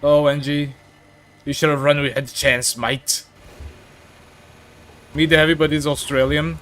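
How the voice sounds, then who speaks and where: Guy live-streaming a game, chatty, reads chat out loud, kinda high voice. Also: little pitch movement, measured pace. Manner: chatty, reads chat aloud, many fillers. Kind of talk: casual live-stream commentary.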